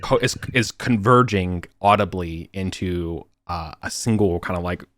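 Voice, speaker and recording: A man narrating as game master over a voice call, halting and full of fillers. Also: deep voice, a bit bright, no room sound, studio quality. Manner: halting, many fillers and restarts. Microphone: computer mic on voice call.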